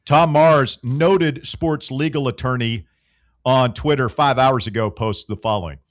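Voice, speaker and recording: A man hosting sports talk radio with a sarcastic, teasing edge, his voice sitting at an ordinary pitch. The studio sound is dry and close. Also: measured pace, no echo. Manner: sarcastic, needling banter.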